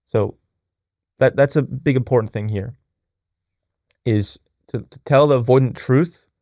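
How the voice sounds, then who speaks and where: This podcast host, a young adult man, speaks at a measured pace with a dark tone, recorded dry and at studio quality. Earnestly covering relationships and spirituality, he frequently restarts and adds "right?", voicing quoted people in a raised pitch.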